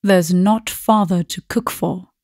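A woman's voice: fairly low pitch, steady tone, takes it slowly, darkish tone, no room sound, studio quality. A woman reading the part of a grand, bossy elder spinster sister who speaks in a lofty, firm way.

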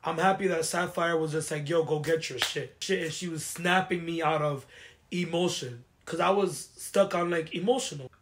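A woman's voice: on the low side, normal speed, background noise. A woman hosting a casual chat show, venting emotionally and repeating phrases for emphasis. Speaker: podcast host.

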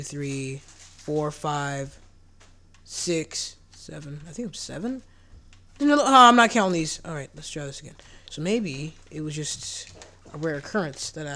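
A man giving casual gameplay commentary, excitable, jumping into squeaky outbursts of surprise and dropping to whispered asides, his voice cracking when it goes high. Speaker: gaming channel host.

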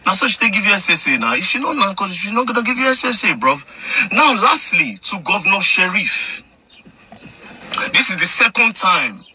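Heated, bright-voiced Nigerian man ranting. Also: a little high, a little hiss or hum. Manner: confrontational, repetitive, mixing English and Pidgin. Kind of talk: heated direct-to-camera rant.

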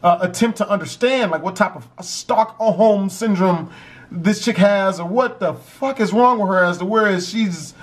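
A man telling a story in a casual, profane and animated way. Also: sits high, a little slow.

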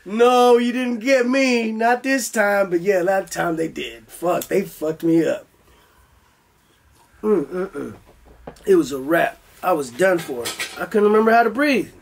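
Animated, profane young man telling stories. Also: high-pitched, a little slow, creaky. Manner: animated, profane, acts out his own voice in the story. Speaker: guest. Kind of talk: casual storytelling.

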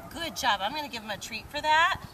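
A woman dog trainer giving a training demonstration, praising the dog in a high sing-song voice and calmly explaining each step to viewers. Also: fast talker. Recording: distant outdoor mic with loud background noise.

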